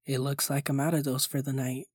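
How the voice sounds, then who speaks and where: A man's voice: mid-range voice, level tone, brisk, a little mellow, slightly rough, no room sound, clean studio sound, lightly acted. A man voicing a friendly-sounding male ice cream truck driver who talks in a folksy, coaxing way.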